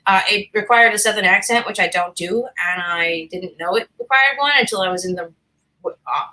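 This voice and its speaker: A chatty woman in her fifties from Boston tells stories as a guest on a podcast. Her voice is bright and ringing. She jokes about herself and swears casually. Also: medium pitch, fairly quick, poor audio. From Boston, USA. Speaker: actress guest. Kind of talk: casual interview chat.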